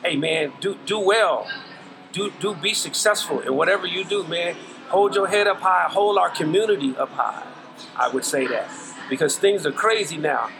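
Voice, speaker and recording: A man's voice: high-pitched, moderate pace, vocal fry, noisy background. A middle-aged man, a podcast guest, giving earnest, preachy life advice in casual talk full of slang. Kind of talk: casual interview chat.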